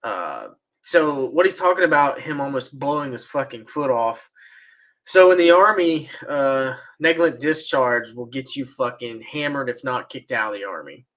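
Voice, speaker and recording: A man co-hosting a podcast, chatting casually, pausing and restarting as he tells an army story. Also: medium pitch, animated, sharp tone. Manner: halting, restarts often, laughs along. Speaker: podcast co-host. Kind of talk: casual chat.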